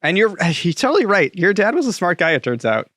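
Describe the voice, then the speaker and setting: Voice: medium pitch, very animated, fairly quick, fairly bright tone, no echo. Cohost chiming in, bouncy voice, supportive, dry mic.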